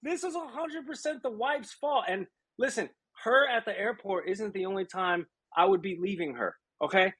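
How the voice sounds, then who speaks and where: A man's voice: sits high, moderate pace, hardly any pauses, a bit bright, slightly rough. A man co-hosting a casual podcast chat, talking in emphatic, joking banter. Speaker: podcast co-host.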